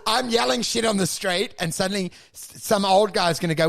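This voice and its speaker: A man co-hosting a podcast who tells absurd comic stories in an animated, sweary way, jumping into acted voices. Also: high voice, a little fast, creaky. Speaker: podcast co-host.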